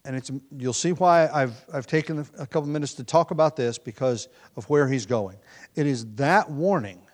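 A man with a nagging cough, preaching an earnest expository sermon, often restarting phrases with fillers. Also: a little high. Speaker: pastor.

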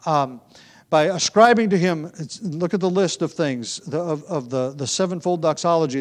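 A man's voice: a little high, normal speed. A man teaching through a Bible passage in sermon style, explaining step by step with frequent restarts and asides.

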